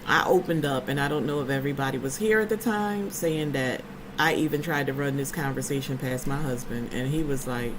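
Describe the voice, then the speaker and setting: A woman with an extremely low-pitched voice speaks briskly over background noise while hosting a casual vlog chat. She's a chatty storyteller, sharing tales with her viewers in a playful, emphatic manner.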